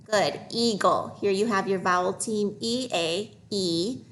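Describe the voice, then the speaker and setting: Woman, primary teacher, phonics lesson; slow modeled reading, a little background hiss. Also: medium pitch, fairly bright tone. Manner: slow, deliberate modeling of words for young learners.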